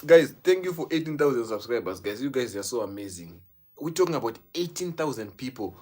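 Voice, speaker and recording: Excitable young Zimbabwean vlogger, lively pitch. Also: brisk. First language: Shona. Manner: excitable, switches between English and Shona mid-sentence. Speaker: YouTuber celebrating a subscriber milestone. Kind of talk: casual vlog monologue.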